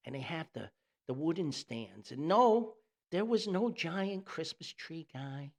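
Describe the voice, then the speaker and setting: A man hosting a podcast, telling a nostalgic family story in a folksy, animated way. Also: a little high, unhurried.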